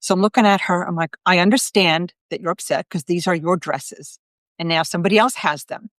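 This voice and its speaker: Speaking briskly in a fairly low, fairly bright voice, this middle-aged psychic medium tells a story casually on her live stream. She chats along with many fillers and acts out quoted voices. The audio is studio-grade and echo-free.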